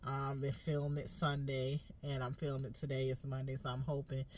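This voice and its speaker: A woman's voice: extremely low pitch, monotone, fairly quick. A congested woman nurse chatting casually and directly to her viewers, trailing off and restarting often. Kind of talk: casual vlog talk to viewers. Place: inside a car. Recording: distant mic, loud car noise.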